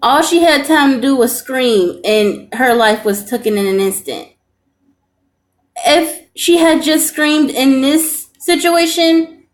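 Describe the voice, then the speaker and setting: Woman, young adult, reaction host, high voice, earnest, repeats for emphasis. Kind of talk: casual commentary.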